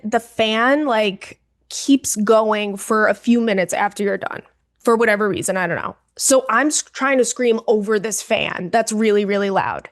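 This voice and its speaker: A young woman co-hosting a podcast, telling a story in a casual, animated, dramatic way and calling the listener "girl". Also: fairly high pitch. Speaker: podcast co-host.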